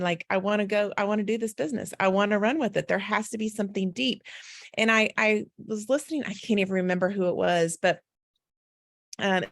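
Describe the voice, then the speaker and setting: A woman's voice: mid-range voice, vocal fry, no echo. A woman leading a team on a business call, sharing her story candidly and encouraging others, with frequent "like" and "um". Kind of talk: casual motivational sharing.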